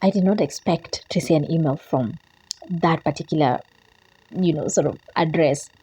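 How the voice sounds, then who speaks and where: A young woman speaks straight to camera, recounting events in a loose, emotional way and often repeating herself. Her voice is a little low, dark and husky. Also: normal speed, low-quality recording. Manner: emotional, repeats herself, quotes her own prayers and talk. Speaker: vlogger. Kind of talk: casual storytelling to camera.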